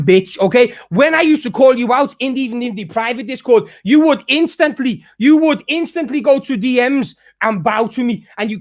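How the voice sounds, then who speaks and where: A man's voice: very high voice, no echo, studio quality. A man ranting heatedly at a rival YouTuber, swearing often and restarting his sentences. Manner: heated, profane, repetitive restarts. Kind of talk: angry ranting vlog.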